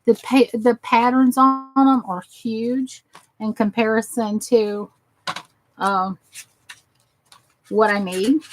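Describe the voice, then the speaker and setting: A woman's voice: on the high side, steady tone, slow pace, long pauses, poor audio. An exhausted woman chatting casually as she works on crafts for her channel, rambling and talking to herself as she goes. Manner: rambling, talks to herself while working.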